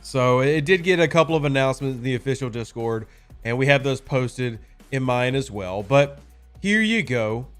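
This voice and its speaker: A man's voice: medium pitch, animated, normal speed, a bit bright, soft background music. A man hosting a casual game live stream, chatting with viewers and answering their questions in a sarcastic, talkative way. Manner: sarcastic, chatty, talks to chat.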